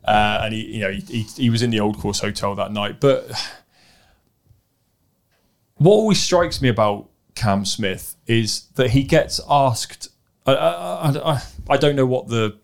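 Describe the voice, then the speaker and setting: A man co-hosting a podcast in casual, animated chat, telling stories with quick asides. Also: medium pitch, creaky. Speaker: podcast co-host. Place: live event venue.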